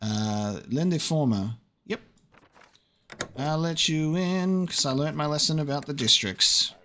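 A man's voice: a little high, a little slow, sharp tone, slight background noise. A young man giving casual let's-play commentary, muttering to himself as he checks details and swearing now and then. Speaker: gaming video creator.

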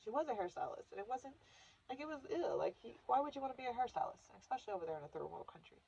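A woman's voice: on the high side, big pitch swings, racing, gravelly, warm tone, slightly rough. A woman in her thirties telling a personal story on her vlog in an emotional, confessional way. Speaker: vlogger. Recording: dull lo-fi recording.

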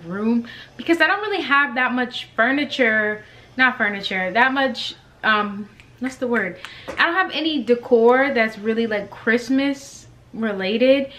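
A woman's voice: a little high, slight background noise. A woman in her twenties chatting casually in a vlog from her bedroom, rambling with lots of ums and likes. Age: 20s. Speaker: vlogger. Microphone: compact camera in front of her.

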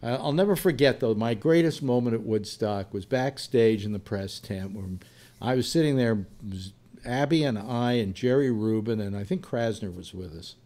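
A man's voice: mid-range voice, normal speed, dark tone. Man in his 70s, radio host, rambling anecdotal storyteller, casual panel chat.

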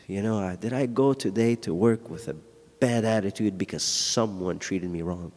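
A man teaching a Bible study in a church. He preaches in an animated way, swinging from loud, emphatic lines to low, quiet asides, and laughs often. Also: normal speed. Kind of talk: sermon. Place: church hall. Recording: long church hall reverb.

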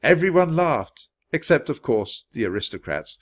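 A man reading a children's chapter book aloud with expressive storytelling. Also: medium pitch, moderate pace. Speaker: storybook reader.

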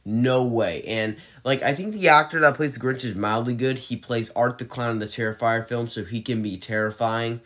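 A man's voice: medium pitch, normal speed, few pauses, a bit bright. A man ranking movies in a casual, opinionated monologue, ranting and exasperated, often restarting his sentences. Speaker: movie reviewer.

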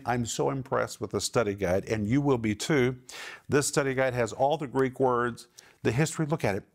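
A middle-aged man hosting a televised Bible teaching program, speaking in an earnest, emphatic way and stressing each word of a list. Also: medium pitch.

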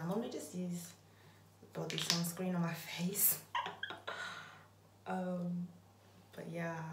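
A young woman chats to her camera in a relaxed vlog, her voice sitting on the low side for a woman. She often slips into a soft, half-whispered delivery. A steady background noise runs beneath her. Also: a little slow, pauses often. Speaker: vlogger. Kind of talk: casual vlog talk.

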